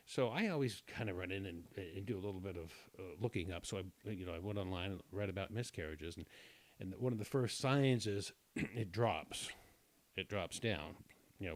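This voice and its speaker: A man telling a long personal story in casual chat, rambling and self-deprecating, often clearing his throat. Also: on the low side, no room sound.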